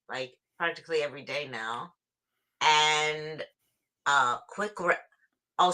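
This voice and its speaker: Bright-voiced New York woman chatting. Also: fairly low pitch. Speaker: guest. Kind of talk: casual live-stream chat.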